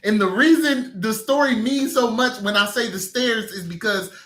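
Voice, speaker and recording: A man hosting a live casual chat, emotional and quick to tear up while telling stories. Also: sits high, pushed and bright, roomy sound. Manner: emotional, laughing, tearful storytelling. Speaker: livestream host.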